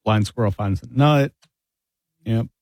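A man's voice: lowish voice, measured pace, darkish tone, dry recording. A man co-hosting a casual studio chat, chiming in with short remarks and sayings. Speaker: co-host.

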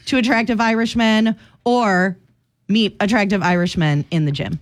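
A woman's voice: mid-range voice, normal speed, slight background noise. A woman co-hosting a casual chat, upbeat and laughing often. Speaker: co-host.

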